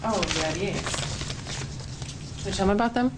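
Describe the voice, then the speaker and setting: A woman with a Swedish accent, a TV interviewer asking questions in a soft, measured way. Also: medium pitch, heavy background noise.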